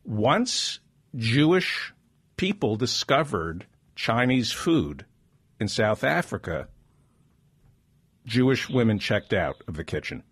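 A man hosting a comedy podcast, telling jokes and stories in animated banter. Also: mid-range voice, slightly rough. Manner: animated joke-telling, quick asides. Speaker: host.

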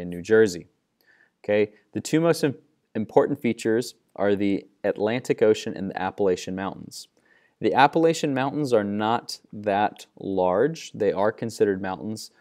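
A man's voice: fairly low pitch, darkish tone. A young man teaching a class in a friendly, loose, conversational way, with plenty of fillers. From Midwestern United States. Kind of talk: classroom lecture.

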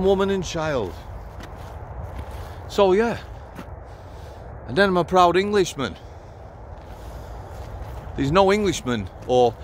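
A man's voice: fairly high pitch, a little hiss or hum. A man in his fifties with a Sheffield Yorkshire accent, a former prison officer talking bluntly to camera outdoors in short, punchy phrases. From Sheffield, Yorkshire, England. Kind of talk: casual monologue to camera. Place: outdoors on a cold hilltop.

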